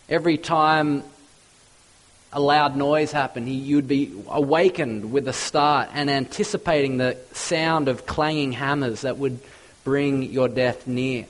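Impassioned male preacher, slow and emphatic. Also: poor audio. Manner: impassioned, building lists to loud peaks, then dropping low and hushed. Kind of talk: sermon.

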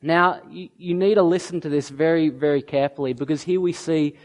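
A male preacher retelling and reading a scripture story in a sermon, animated and acting out the quoted voices. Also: on the high side, brisk.

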